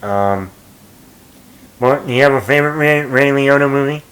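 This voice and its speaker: A man hosts his own movie talk in a loose, casual way. He rambles, fills pauses and restarts his sentences, at an ordinary mid pitch. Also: fairly bright tone, rough recording. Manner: rambling, many fillers and restarts. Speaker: movie commentary host.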